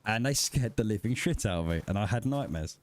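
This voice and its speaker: A man's voice: lowish voice, lively intonation, brisk, slight background noise. A man streaming a survival game live and chatting casually with his viewers in swearing banter. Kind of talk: casual livestream chat.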